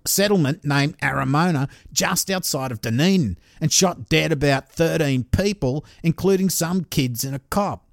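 Podcast host, male, reads listener mail with loose swearing and chuckles; a fairly high, gravelly voice. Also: no room sound, clean studio sound. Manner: casual and profane, chuckles while reading. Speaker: true crime podcast host. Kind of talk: reading out a listener's story, casual chat.

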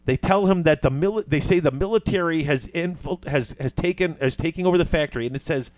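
A man's voice: on the high side, lively intonation, fairly quick, few pauses, darkish tone. A man casually retelling a movie plot, acting out the characters' lines as he goes.

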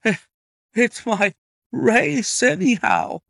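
A man's voice: medium pitch, sing-song, moderate pace, fairly bright tone, no room sound, studio quality. A man voicing an angry, agitated old racehorse-owning colonel who blusters indignantly. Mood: astonished.

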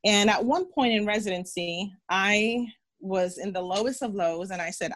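In an interview, a physician in her thirties speaks in a mid-range, somewhat bright voice at a moderate pace. She tells stories with earnest encouragement, acting out quotes and repeating phrases.

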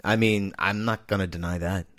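Blunt, cursing podcast co-host. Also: male voice, low-pitched, steady tone, normal speed, a bit bright. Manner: blunt, profane, teasing. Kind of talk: casual film review chat.

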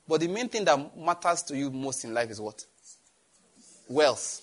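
A man's voice: a little high, sing-song, moderate pace. A middle-aged man preaching a sermon, emphatic, repeating phrases and asking the congregation questions. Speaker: pastor.

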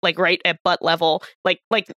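A woman co-hosting a podcast, telling a story with lively swearing and acted-out dialogue in casual chat. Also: on the low side, normal speed, no echo. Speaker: podcast co-host.

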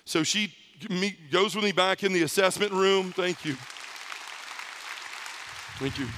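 A faint crowd can be heard as a middle-aged man testifies on a conference hall stage, his high voice bright and forceful, his delivery a little slow. He tells his personal story with feeling, often in the present tense.

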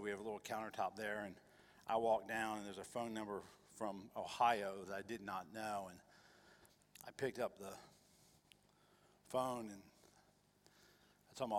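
A man's voice: on the low side, in a large hall. A male pastor telling a personal testimony in a sermon, earnest, sometimes repeating his words. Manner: earnest storytelling, repeats himself.

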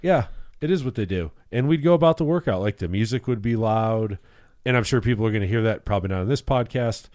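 A man's voice: fairly low pitch, quick pace, darkish tone, no room sound, clean studio sound. A man who once coached at a gym, telling anecdotes as a podcast guest in a laid-back, casual way. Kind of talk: casual chat.

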